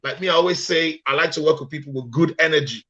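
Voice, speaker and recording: Husky Nigerian Pidgin-accented guest. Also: male voice, fairly high pitch, quick pace, sharp tone, muffled recording. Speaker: interview guest. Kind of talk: radio interview.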